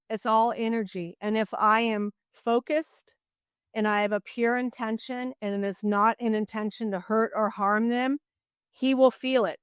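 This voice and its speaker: A middle-aged woman, a guest on an interview podcast, telling her story in an earnest, animated way with frequent "you know"s. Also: fairly high pitch, smooth, no echo, studio quality.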